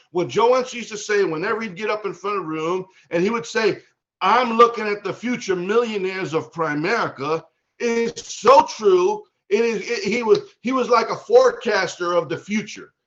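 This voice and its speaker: A man giving a fervent motivational pep talk to his team on a video call, building up to shouts. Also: high voice, muffled recording. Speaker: business leader speaking to team.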